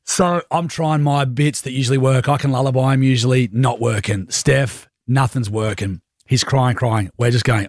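A man's voice: medium pitch, fairly even intonation, normal speed, hardly any pauses, dry recording, studio quality. A young man with an Australian accent, co-hosting a radio show and telling a laid-back story. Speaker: radio co-host. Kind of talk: casual radio banter.

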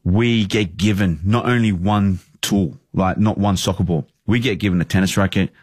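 A man's voice: low-pitched, steady tone, normal speed, darkish tone, no room sound, clean studio sound. An Australian man around thirty, a football manager, talking earnestly and at length in a casual interview. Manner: earnest, rambling storyteller.

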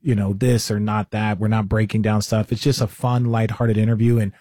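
A man's voice: on the low side, brisk, no echo. A man from the United States, a guest on a radio show, chatting casually and telling stories with lots of laughter. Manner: animated, laughing, storytelling. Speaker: guest, basketball analyst.

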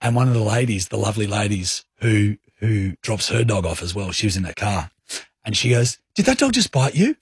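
Sex: man. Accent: Australian. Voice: very husky. Sound: dry studio mic. Style: animated radio storytelling. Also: lowish voice, a little fast, dry recording. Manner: rambling, acts out his own quoted outbursts. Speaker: radio co-host. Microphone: studio microphone.

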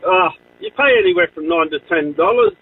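A man's voice: on the high side, animated, fairly quick. An Australian man calling radio, chatting nostalgically. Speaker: caller. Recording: raspy phone line from far off.

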